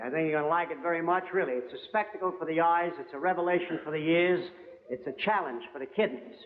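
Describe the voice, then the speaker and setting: A man's voice: high-pitched, background noise. A man performing a punchy, wisecracking stand-up monologue as a guest comedian on a variety show. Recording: lo-fi 1960s TV broadcast in a hall. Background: studio audience laughter and band.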